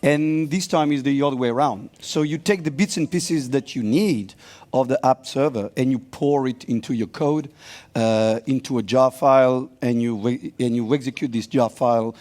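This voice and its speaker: A man with a French accent, a native French speaker, co-presenting on a conference stage and explaining calmly. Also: mid-range voice, normal speed. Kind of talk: live panel-style chat on stage.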